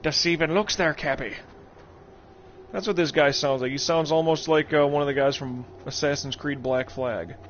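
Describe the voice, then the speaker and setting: A man casually commentating his gameplay on a live stream, profane and joking, talking from a warm room at home. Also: medium pitch, steady tone, moderate pace, few pauses. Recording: muffled stream audio over game noise.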